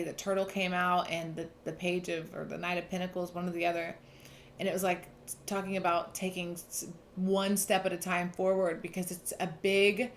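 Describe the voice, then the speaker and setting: A woman's voice: lowish voice, slight background noise. A young woman giving a casual, earnest tarot reading, talking emphatically and restarting often. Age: young adult. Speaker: tarot reader.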